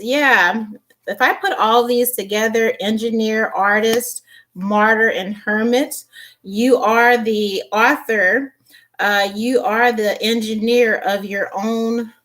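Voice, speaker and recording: Woman doing a tarot reading, talks slow, lots of um and uh, keeps restarting. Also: medium pitch, a bit bright. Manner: halting, many fillers and restarts; grows impassioned and indignant. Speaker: tarot reader. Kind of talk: casual tarot commentary.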